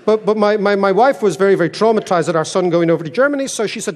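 An Irish man giving a humorous keynote talk, telling stories in a wry, animated, self-mocking way. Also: high voice, quick pace. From Ireland. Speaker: keynote speaker. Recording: echoey hall with long reverb.

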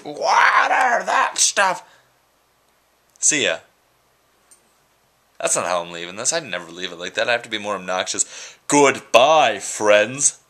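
A young man rambles goofily into the handheld camera at home, making fun of himself as he chats. His voice is lowish but has a sharp, bright edge. It is a loose, unscripted daily vlog. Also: expressive, brisk, long pauses. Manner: goofy, rambling, self-mocking. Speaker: vlogger. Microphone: handheld camera mic.

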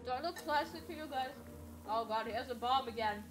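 A woman streaming a game live, excitable and giggly, swearing freely while chatting to viewers. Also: sits high, brisk. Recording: game music playing behind.

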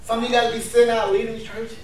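A man preaching a lively sermon to a congregation, laughing often and calling out for responses. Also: very high voice, fast talker, a little hiss or hum. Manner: energetic, laughing, calls for responses. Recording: very echoey room from far off.

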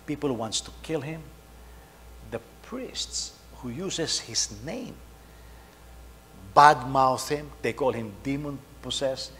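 A middle-aged man, preaching a sermon, telling a story and swinging between loud emphasis and soft asides. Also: mid-range voice, lively intonation, takes it slowly. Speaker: pastor. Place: church hall. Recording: faint hum, long hall reverb.

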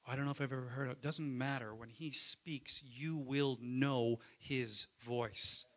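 A man preaching a Sunday sermon in church. His voice is bright and forward, and he keeps it conversational, calling out to the congregation for an amen. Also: mid-range voice, steady tone, a little slow. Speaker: pastor.

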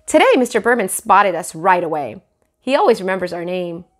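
A woman teacher reading a children's chapter book aloud in an expressive storytelling manner. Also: on the low side, a little fast. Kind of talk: children's read-aloud narration.

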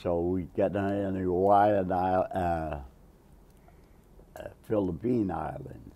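An elderly man in his nineties recounts his Navy days in an oral history interview. His voice is very low and gravelly with a dark, mellow tone, and he talks slowly, chuckling and putting on the voices of people he quotes. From Massachusetts, USA. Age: 90s. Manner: rambling storyteller, chuckles often, acts out quotes.

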